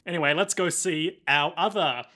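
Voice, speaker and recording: Male co-host, slightly high voice, casual and giggly, slips into quick character bits. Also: bright, forceful tone. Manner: laughs often, acts out characters in quick quips. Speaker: podcast co-host. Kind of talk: casual recap chat.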